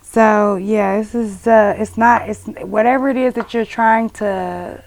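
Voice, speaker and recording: A woman's voice: medium pitch, steady tone, measured pace. A woman giving a casual tarot reading, blunt and profane, scolding and emphatic. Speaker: tarot reader.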